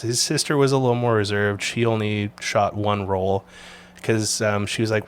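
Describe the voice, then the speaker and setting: A man from Canada hosting a casual photography chat, telling animated stories and swearing freely. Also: on the low side, normal speed, a little hiss or hum. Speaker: podcast host.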